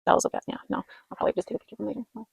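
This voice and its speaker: Talking very fast in a slightly mellow voice, a woman rambles through a casual doll review vlog late at night, tired, chatty and full of fillers and self-corrections as a doll collector. There's no echo, but the highs are cut off.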